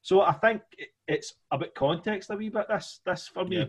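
A man's voice: high-pitched, normal speed, breathy edge. A man with a Scottish accent co-hosting a podcast in casual chat, rambling with lots of "you know" fillers. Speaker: podcast co-host.

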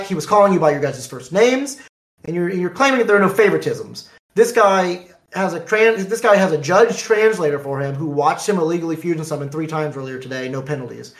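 Man, casual storytelling, animated, slightly high pitch, echoey room. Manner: animated, acts out dialogue in quotes. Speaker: card game player.

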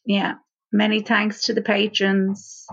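A woman's voice: mid-range voice, monotone, slow pace, fairly bright tone, husky. A woman throws in dry, wry comments in a casual podcast chat. Her recording sounds a bit dull and muffled. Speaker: podcast co-host.

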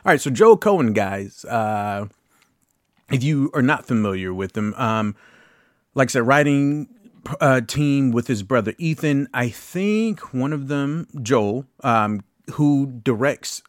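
In a studio-quality recording with no echo, a man in his late thirties hosts a podcast. His voice sits on the low side as he talks casually about a film, drifting into asides and cursing now and then.

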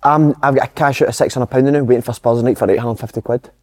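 A man's voice: medium pitch, fairly even intonation, racing. A Scottish man in casual podcast chat, talking in a matter-of-fact, sweary way. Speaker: podcast co-host.

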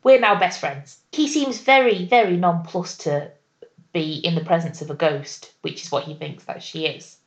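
A woman's voice: on the low side, moderate pace. A woman co-hosting a podcast, chatting casually and joking about a TV series. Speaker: podcast co-host. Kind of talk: casual chat reviewing a TV series.

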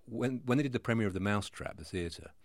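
A man's voice: on the low side, fast talker, dry recording. A man co-hosting a podcast outdoors in a small park, telling playful, enthusiastic anecdotes in a casual chat. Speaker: podcast co-host.

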